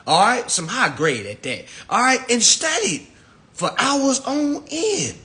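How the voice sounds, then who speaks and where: A man ranting in on a phone livestream, swearing and swinging between shouting and low muttering. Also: wildly swooping pitch, moderate pace. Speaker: social media lecturer. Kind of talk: ranting Instagram live talk.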